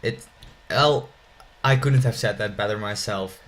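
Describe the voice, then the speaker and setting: A man's voice: on the low side, unhurried, a bit bright. Hiccuping young man co-commentating a game. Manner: playful, teasing questions. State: has the hiccups. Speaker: gameplay co-commentator. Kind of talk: casual joking game commentary.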